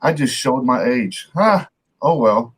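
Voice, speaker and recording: A man's voice: medium pitch, expressive, slow, slightly rough. Middle-aged man hosting a rambling chat. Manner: loose, rambling, swears casually. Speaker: podcast host. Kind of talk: casual chat.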